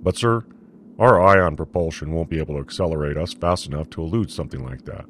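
A loyal but worried male first officer in a sci-fi audiobook, spelling out why the ship can't go faster, as a deep-voiced man reads him. He stays respectful and steady. Soft hiss sits underneath. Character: dutiful male starship commander, second-in-command.

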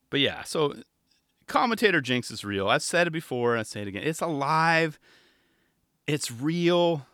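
A man's voice: fairly high pitch, big pitch swings, normal speed, a bit bright, no echo, studio quality. A man talking casually about skateboarding commentary, laughing often and mimicking other commentators. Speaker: skateboarding podcast host and contest commentator. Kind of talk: casual monologue.

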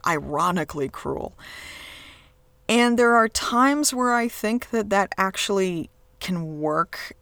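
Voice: mid-range voice, a bit bright, no room sound. Rambling, sarcastic TV reviewer. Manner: rambling, sarcastic, swears freely; frequent restarts and fillers. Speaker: episode reviewer. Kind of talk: casual spoken TV review.

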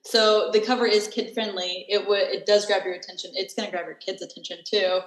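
A woman's voice: medium pitch, steady tone, a little fast, fairly bright tone. A woman hosting a podcast interview, asking friendly, encouraging questions. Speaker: podcast host. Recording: echoey room with long reverb.

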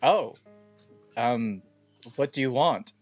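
A man's voice: medium pitch, animated, slow pace, soft background music. A man playing a prickly, guarded young man, talking indignantly and sarcastically. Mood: grumpy. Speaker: player.

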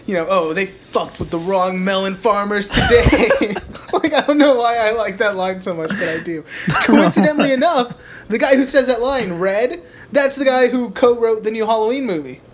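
Dude recapping a horror flick on a podcast, cussing, laughing, doing the characters' voices, faint noise in the back. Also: male voice, extremely high pitch, animated, brisk. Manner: profane, laughing, acts out film dialogue in put-on voices. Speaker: podcast co-host. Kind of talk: casual movie recap chat.

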